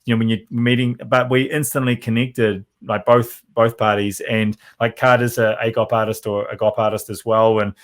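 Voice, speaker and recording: A man's voice: lowish voice, flat delivery, moderate pace, hardly any pauses. A man who plays drums, a guest in a casual interview, who talks in long, rambling runs with lots of fillers. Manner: rambling, many fillers and restarts. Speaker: drummer guest.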